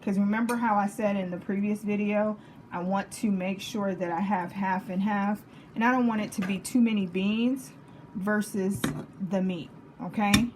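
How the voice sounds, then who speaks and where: Home cook, woman, Texas accent, mid pitch, chatty and jokey, faint kitchen noise behind. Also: steady tone, moderate pace, darkish tone. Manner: chatty, jokey, checks in with "okay?" and "right?". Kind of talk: casual cooking demonstration.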